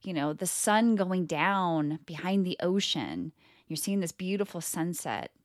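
Bubbly animated woman podcast host. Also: fairly low pitch, unhurried, no room sound, studio quality. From California. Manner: bubbly and animated, chatty with laughs. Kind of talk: casual solo podcast monologue.

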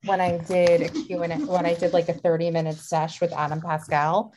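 A woman hosting a casual interview and asking quick, breezy questions in slangy talk. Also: lowish voice, little pitch movement, background noise. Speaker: interviewer host. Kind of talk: casual chat.

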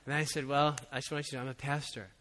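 A man preaching as a pastor, telling a personal story in a relaxed, conversational way with frequent chuckles. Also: medium pitch, rapid-fire. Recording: long hall reverb.

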